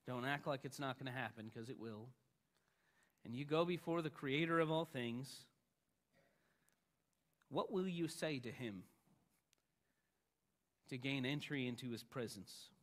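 A man pastor preaching a sermon, emphatic, rising loud on the lines he quotes. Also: medium pitch, a little slow, long pauses, big-room sound.

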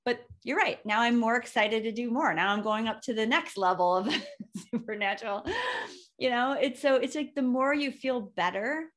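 A woman's voice: on the high side, lively intonation, normal speed, a bit bright. A woman co-hosting a podcast, talking in an enthusiastic, emphatic way and in a casual chat style. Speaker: podcast co-host; certified in plant-based nutrition.

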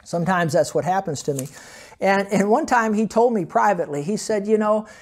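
A man's voice: high voice, expressive, brisk. A man preaching a sermon as pastor, telling personal testimony stories with emphasis and occasional laughter. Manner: storytelling, emphatic, laughs between points.

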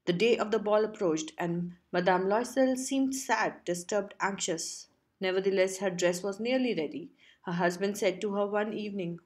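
A woman reading a short story aloud as an audiobook narrator, steady and measured. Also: medium pitch.

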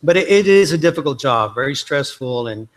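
A man's voice: on the high side, expressive, fairly quick. A man from Texas, an athletic trainer telling self-deprecating, joking stories in a conference lecture. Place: lecture hall.

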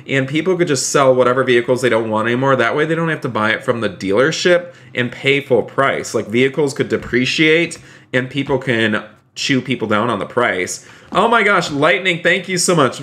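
A man streaming a game live, talking in a middle-pitched voice. He chats upbeat and effusive, thanks viewers by name, and breaks into sudden excited high exclamations.

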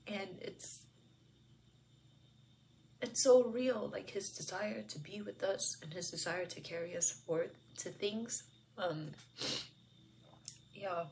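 A woman sharing a personal Bible reflection, speaking softly and musingly with many fillers, sometimes dropping to a whisper. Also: mid-range voice, slow pace, creaky, long pauses, slight background noise. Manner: soft-spoken, musing, with frequent fillers. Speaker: devotional video host.

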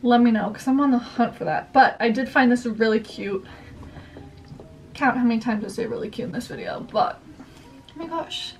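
A woman's voice: on the high side, moderate pace, long pauses, distant mic. A young woman vlogger chatting casually and rambling through a haul, using "like" a lot. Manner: chatty, rambling, heavy use of "like". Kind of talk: casual haul vlog chat. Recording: voice a bit off-mic, faint music behind. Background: faint background music.

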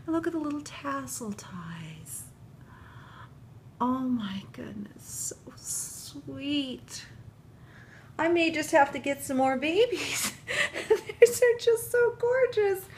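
A woman unboxing a gift package on her vlog, tearful and gushing, laughing through her tears and dropping into soft whispers. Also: high voice, animated, slow, a little hiss or hum. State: tearful, crying while talking. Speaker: vlogger opening a gift package.

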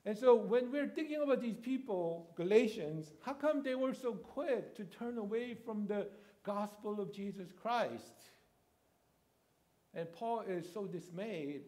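Male pastor, 50s, high-pitched, chatty conversational preaching style. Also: warm tone. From Korea. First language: Korean. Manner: conversational, checks in with "right?" and "you know". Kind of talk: sermon. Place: church sanctuary.

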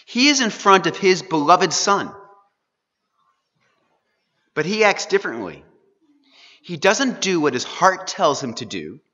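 A man's voice: on the high side, sharp tone. A man teaching an earnest, sermon-style Bible class, pressing his listeners with rhetorical questions. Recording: dull, echoey hall recording.

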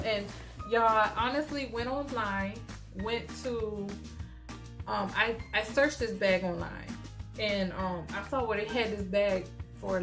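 A young woman chatting excitedly to her viewers in a casual home vlog, often calling them y'all. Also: mid-range voice. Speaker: vlogger. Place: at home, in pajamas. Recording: echoey room with loud music behind.

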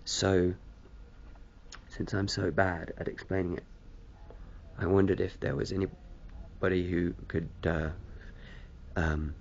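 Low gravelly man, rambling vlog. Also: flat delivery, slow, pauses often, a little mellow, dull audio, a little hiss or hum. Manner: hesitant, self-deprecating, lots of fillers; smoking a cigarette while talking. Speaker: video blogger. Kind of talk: casual rambling vlog to camera.

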